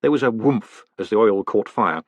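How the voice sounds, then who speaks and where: A man reading a fantasy novel aloud as an audiobook, with expressive, wry storytelling. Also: fairly low pitch, moderate pace, no room sound. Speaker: audiobook narrator. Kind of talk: audiobook narration.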